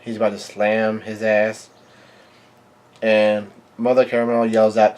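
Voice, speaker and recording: Halting low-voiced man recapping a comic. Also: little pitch movement, darkish tone. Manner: halting, stumbling narration full of restarts. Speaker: manga reader and reactor. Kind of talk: live reading and reaction.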